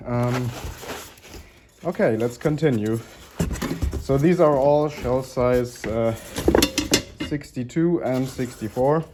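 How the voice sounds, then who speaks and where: A man casually narrating an unboxing of collectible helmets, relaxed and chuckling, with many ums and uhs. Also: medium pitch, slow pace, long pauses, background noise. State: slightly out of breath.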